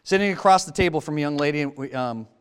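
In a church, a lay preacher delivers a sermon to the congregation, posing rhetorical questions and swinging between loud and hushed. His fairly high voice is fast, clear, and resonant, trailed by a long reverb.

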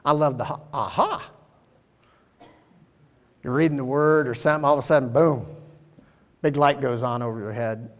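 A man's voice: medium pitch, fairly even intonation, quick pace. A man preaching a sermon as pastor, earnest and conversational, with many fillers and restarts. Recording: long hall reverb.

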